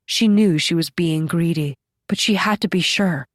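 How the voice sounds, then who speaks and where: A woman's voice: on the low side, normal speed, no room sound, studio quality. Woman narrating a horror audiobook. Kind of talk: scripted narration.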